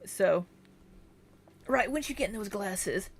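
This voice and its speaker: A woman's voice: medium pitch, animated, takes it slowly, husky. A young woman hosting a casual livestream, reading out viewer names, thanking them and laughing often between replies. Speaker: livestream host.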